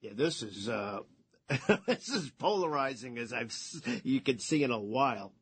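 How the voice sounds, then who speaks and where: A man's voice: medium pitch, expressive, measured pace, breathy edge. A man co-hosting a radio talk show, reacting with amused chuckles.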